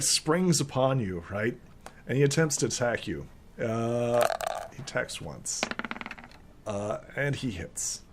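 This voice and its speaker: A man running a tabletop game as game master, narrating casually with lots of fillers and laughter. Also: medium pitch.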